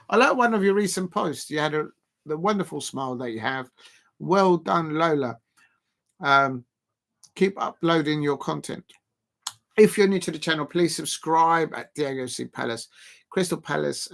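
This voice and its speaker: A man giving rambling, casual live commentary on a match and shouting out viewers by name. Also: on the high side, creaky. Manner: rambling, chatty, lots of fillers, shouts out viewers. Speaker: live stream host.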